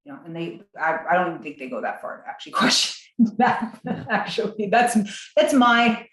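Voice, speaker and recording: A woman guest on a podcast interview, talking in an animated way, acting out quotes in a higher voice and laughing between points. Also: moderate pace, reverberant, low-quality recording.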